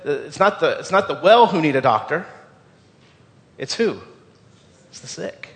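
A man preaching a sermon in a fairly high voice, earnest and conversational. He restarts and repeats words as he presses the congregation with questions. His voice rings with the long reverb of a large church hall. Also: very animated, moderate pace. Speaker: pastor. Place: church sanctuary.

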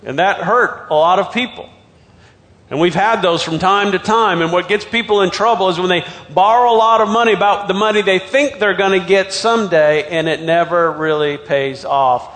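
A male pastor with a fairly high voice delivers a sermon, retelling the story with dramatic swings between loud outbursts and soft, hushed lines. His voice rings out with a long reverb, as in a large church hall. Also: normal speed.

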